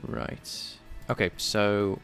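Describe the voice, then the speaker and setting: A man's voice: on the low side, little pitch movement, drawn-out words, gravelly, fairly bright tone, faint music behind. A man live-streaming his programming work, thinking aloud in a casual, rambling way and chatting with viewers. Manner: rambling and self-deprecating, chatting with viewers between tasks.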